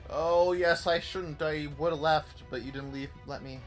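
A young man commentating a horror game playthrough, swearing a lot and swinging from hushed muttering to panicked yelps. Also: a little high, steady tone, a little slow, soft background music. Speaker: gaming YouTuber.

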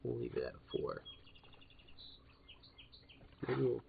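A man's voice: medium pitch, very animated, takes it slowly, gravelly. A man giving laid-back commentary on a fishing game, chatting to his dog now and then. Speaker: gameplay commentator. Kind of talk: casual let's-play commentary. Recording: tinny, noisy lo-fi line.

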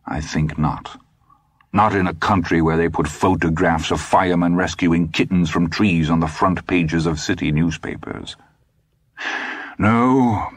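Give me a cold old man in his eighties, deep and dry, calm and quietly threatening, as an audiobook reader puts him on. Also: no room sound. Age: 80s. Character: cold old German ex-Nazi man, menacing.

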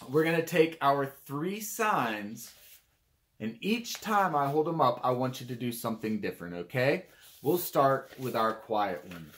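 A man with a medium-pitched voice teaches a playful children's music lesson, talking directly to the kids and imitating animal sounds.

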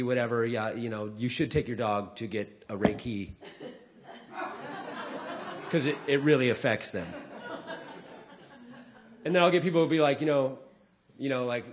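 Comedian guy chatting to a live crowd, jumps way up when he acts out other people, then goes low and quiet. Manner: animated, acts out people's lines with big jumps in pitch; drops to a quieter, lower voice for asides. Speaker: comedian giving a talk. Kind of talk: casual talk to a live audience.

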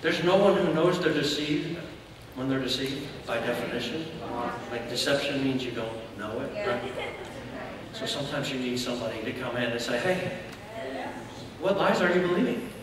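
A man's voice: medium pitch, normal speed, recorded from a distance, crowd noise. Man preaching in an echoey church hall. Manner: storytelling preacher, acts out quoted shouts. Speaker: church elder. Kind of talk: sermon. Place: church sanctuary.

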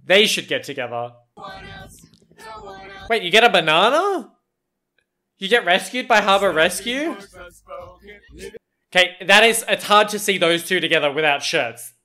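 A man's voice: high voice, sing-song, measured pace, pauses often, bright, forceful tone. A man with an Australian accent reacting to a film in casual chat, chatty and laughing often, with lots of fillers and some swearing. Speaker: movie reaction host.

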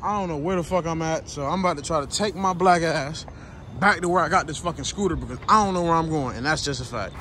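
A young man vlogging outdoors while riding a scooter through city streets, holding his phone, talking to viewers in profane, excitable street slang. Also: on the high side, fast talker. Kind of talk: casual vlog narration on the move. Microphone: handheld phone while riding. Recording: outdoor phone recording with loud traffic noise. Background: city traffic and street noise.

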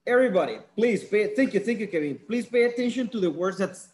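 A man's voice: sits high, animated, quick pace, few pauses, darkish tone, slight background noise. A man teaching a class online, switching between languages and correcting his students' pronunciation. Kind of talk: bilingual class lecture.

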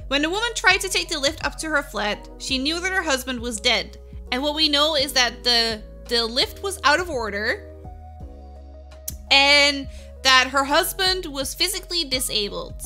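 Bright, lively woman streamer. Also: high voice, normal speed, faint music behind. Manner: upbeat, laughs often, answers chat by name. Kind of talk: casual chat with live viewers.

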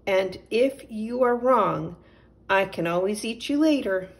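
A woman's voice: mid-range voice, expressive, unhurried. A woman doing a weepy, hungry cat. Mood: wistful. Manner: sobbing, whiny. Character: sad plump female cat, weepy and hungry.

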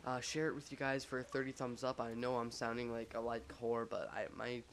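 A guy tells a story in a loose, rambling way, full of "like" and "um," and he jokes at his own expense. His voice sits at a middling pitch and stays flat and level, and a faint hiss of noise runs under it. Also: fairly quick. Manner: rambling, filler-heavy, lots of "like"; joking, self-mocking. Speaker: vlogger telling a story. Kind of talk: casual storytime over gameplay.

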